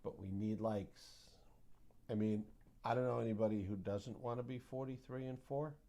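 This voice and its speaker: A man's voice: fairly low pitch, steady tone, moderate pace, warm tone. A man hosting a casual market recap, chatty and joking, with sound-effect mimicry. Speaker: host of a trading recap show.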